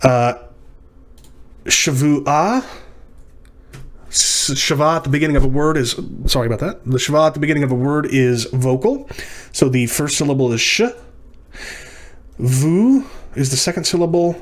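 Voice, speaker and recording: A man's voice: medium pitch, normal speed, long pauses. A man teaching a lecture on syllabification, working through words methodically and correcting himself as he goes. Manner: methodical, self-correcting explanations.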